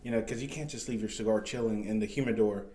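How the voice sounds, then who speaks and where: A man's voice: lowish voice, quick pace, dark tone. A man co-hosting a podcast, telling stories in loose, profane, laughing chat. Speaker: podcast co-host. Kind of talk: casual chat. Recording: echoey room with faint noise.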